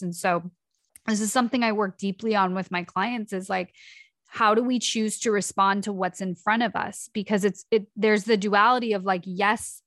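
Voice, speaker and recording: A woman's voice: medium pitch, no room sound, clean studio sound. A woman podcast host and coach, talking casually and chattily, often interrupting herself. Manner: chatty, self-interrupting, animated acted quotes. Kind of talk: casual solo podcast talk.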